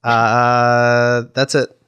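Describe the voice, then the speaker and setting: A man's voice: mid-range voice, completely flat delivery, drawn-out words, a bit bright, clean tone, dull audio. A middle-aged man hosting a casual comedy podcast, reading strange news stories in a dry, wry way. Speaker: podcast host.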